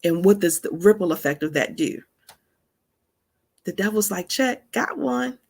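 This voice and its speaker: A woman hosting an informal spiritual teaching, speaking in an animated, emphatic way. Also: fairly low pitch, normal speed, husky. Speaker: host and teacher.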